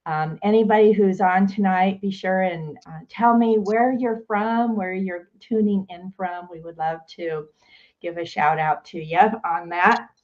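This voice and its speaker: A woman's voice: medium pitch, fairly even intonation, a little slow, muffled recording. A woman hosting a live online show, encouraging her guest and addressing viewers. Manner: encouraging, frequent affirmations. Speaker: host.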